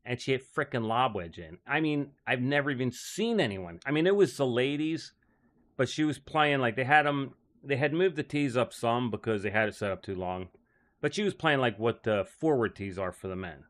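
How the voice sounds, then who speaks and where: A man in an easy, rambling storytelling mode, full of "like" and quick laughs. His voice sits at an ordinary middle pitch for a man, and he recounts his caddie days in a loose, chatty way. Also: animated, a bit bright. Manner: rambling, heavy use of "like", frequent laughs. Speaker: caddie telling stories as a guest. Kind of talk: casual storytelling.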